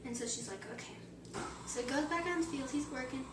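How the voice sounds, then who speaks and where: A woman's voice: high voice, fast talker. A teenage girl telling a long joke to friends in a chatty, rambling way, full of "like" and "he's like". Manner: chatty, filler-heavy storytelling. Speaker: joke teller. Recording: far-off echoey room with loud background noise.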